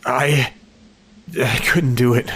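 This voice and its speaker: Picture a desperate husband turning into a werewolf in a horror audiobook, voiced by a man. His low, strained voice shakes and stammers through every halting phrase, and it has a distant, hollow sound unlike ordinary speech. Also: steady tone, fairly bright tone, slightly rough. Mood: pained shaking.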